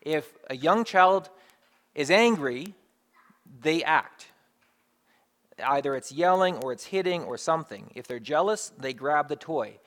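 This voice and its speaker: A man with a somewhat raised speaking pitch, delivering a sermon in a plain, talking-to-you manner. He builds his points by repeating phrases with emphasis, one after another. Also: animated, a little slow, pauses often, fairly bright tone. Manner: conversational, builds through emphatic repetition. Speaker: pastor.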